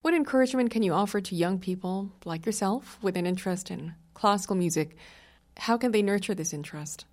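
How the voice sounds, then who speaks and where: Woman host asking measured questions. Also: medium pitch. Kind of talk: interview hosting.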